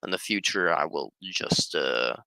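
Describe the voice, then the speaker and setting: A man's voice: low voice, lively intonation, a little slow, vocal fry, pushed and bright, no echo, low-quality recording. A young man talking in a rambling, offhand and profane casual monologue. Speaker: streamer.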